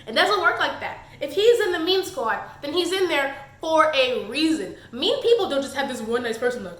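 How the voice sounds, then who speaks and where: A woman's voice: high voice, lively intonation, brisk, few pauses, fairly bright tone. A woman reviewing a book on her channel, exasperated and sarcastic in her critique. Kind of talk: casual book review vlog. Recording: echoey room.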